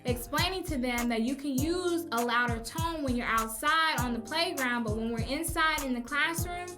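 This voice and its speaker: Chatty woman, higher voice. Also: normal speed, over music. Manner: chatty, acts out parent phrases emphatically. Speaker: podcast host and teacher. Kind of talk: casual advice podcast.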